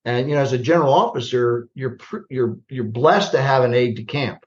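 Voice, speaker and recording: An older man from the US Midwest, a retired army general telling anecdotes as a podcast guest, plainspoken and lively when he acts out remembered exchanges. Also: medium pitch, a little fast, muffled recording. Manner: plainspoken, animated storyteller who acts out remembered dialogue. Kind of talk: conversational storytelling on a podcast.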